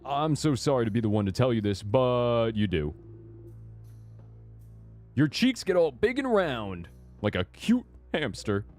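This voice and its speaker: A man's voice: mid-range voice, big pitch swings, unhurried, long pauses, soft background music. A man voicing a cheerful young male fighter with a playful, teasing manner. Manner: playful, teasing, warm-hearted ribbing.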